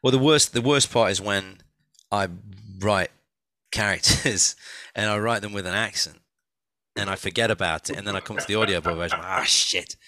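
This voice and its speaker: A man, an author and audiobook narrator, chatting as a guest in an animated, rambling way with many restarts. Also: fairly low pitch, normal speed, no room sound. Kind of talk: casual conversation.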